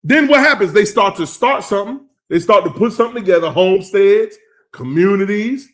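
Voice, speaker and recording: Male preacher, high voice, conversational sermon, punchy emphasis. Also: animated, fairly quick. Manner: emphatic and conversational, rising to loud stresses. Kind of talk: sermon teaching.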